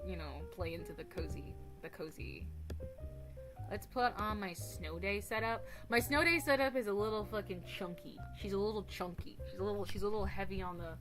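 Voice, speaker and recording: A woman streamer chatting casually with her viewers, rambling, giggly and crude, often mocking herself. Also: mid-range voice. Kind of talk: casual livestream chat. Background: faint music.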